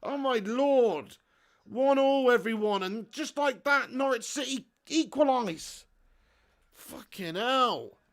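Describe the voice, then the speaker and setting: A man hosting a live football watch-along, reading viewer chat aloud, swearing freely and bursting into shouts at big moments. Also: very high-pitched, animated, slow. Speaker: fan channel host. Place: home setup in front of a green screen.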